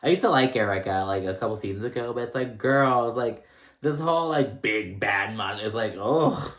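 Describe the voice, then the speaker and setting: A man's voice: lowish voice, moderate pace, fairly bright tone. A man casually recapping a reality show, gossipy and blunt, with lots of "like" and swearing. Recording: echoey room.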